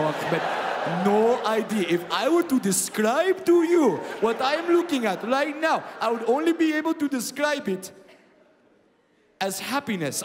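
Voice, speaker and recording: A man voicing an excited male sniper who chants in broken English and then shouts with glee, on a reverberant stage with audience noise. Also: high voice, pitched above the performer's own voice.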